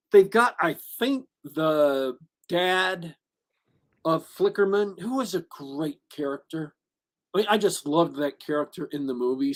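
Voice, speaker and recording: On a podcast he co-hosts, a man with a voice on the high side chats casually while reviewing a movie. He rambles, restarting often and leaning on fillers, and turns emphatic when sharing his opinions.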